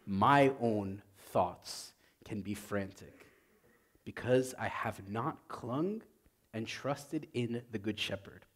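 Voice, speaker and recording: Male priest, sermon, casual phrasing, drops to near-quiet, then builds up. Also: on the low side, takes it slowly. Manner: conversational, says "like" often, swings from loud to very soft.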